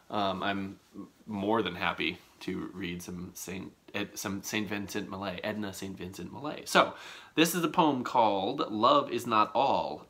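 A man teaching a casual poetry lesson as an English teacher, talking haltingly with many ums and restarts. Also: lowish voice, vocal fry. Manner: slow, relaxed delivery. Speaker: high school English teacher.

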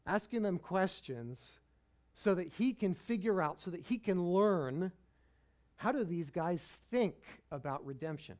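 Male pastor, relaxed sermon delivery, laughs easily. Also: sits high, a little slow. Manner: conversational, chuckles while he preaches.

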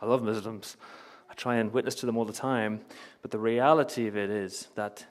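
A man's voice: on the low side, fairly even intonation, normal speed. A young man preaching a sermon in a church, telling personal stories with earnest, emphatic repetition and light chuckles. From Northern Ireland.

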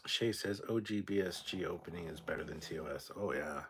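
A man's voice: low voice, expressive, a little fast, slight background noise. A man hosting a casual livestream, reading viewer questions aloud and answering with irreverent, profane, sarcastic rants.

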